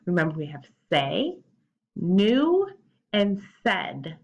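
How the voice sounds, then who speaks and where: A woman teacher giving a remote phonics lesson to young children, slowly sounding out and spelling words. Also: fairly low pitch, wildly swooping pitch. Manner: slow, drawn-out word sounding and spelling. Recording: dull lo-fi audio.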